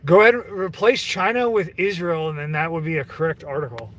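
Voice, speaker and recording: On his livestream, a man rants casually to chat, rambling and swearing with lots of fillers and restarts. He talks fairly quickly in a voice on the high side with a fairly bright tone, picked up from a distance with slight background noise.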